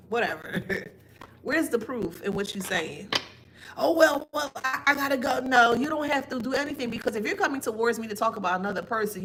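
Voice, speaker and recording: Blunt, emphatic woman with a high-ish voice. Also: fairly bright tone, slight background noise. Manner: emphatic and blunt, with mocking asides. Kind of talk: casual spiritual reading to viewers.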